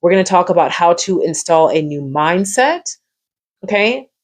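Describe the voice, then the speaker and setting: A woman hosting a live coaching stream, encouraging and repetitive, reacting warmly to viewers in the chat. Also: fairly low pitch, moderate pace. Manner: encouraging, repeats phrases, lively reactions to viewers.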